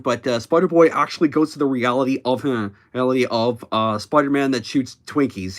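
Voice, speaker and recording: A man hosting a YouTube channel, recapping a story in a rambling, self-correcting way. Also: medium pitch. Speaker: YouTube host.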